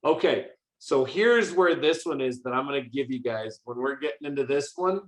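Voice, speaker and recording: A male teacher walks other teachers through a coding demo in a loose, upbeat way, full of fillers and quick restarts. His voice sits at a middle pitch, and the room adds a noticeable echo around him. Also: animated. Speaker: teacher leading a coding workshop. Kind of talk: casual hands-on teaching demo.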